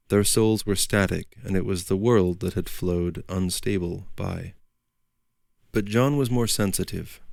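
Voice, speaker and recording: A man narrating a literary audiobook in a measured storytelling manner. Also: low voice, vocal fry, darkish tone, no echo, studio quality.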